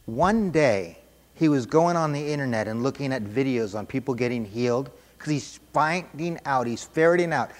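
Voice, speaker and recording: A man preaching a sermon, telling a story with animated, emphatic repetition. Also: mid-range voice, normal speed, long reverb tail, slight background noise.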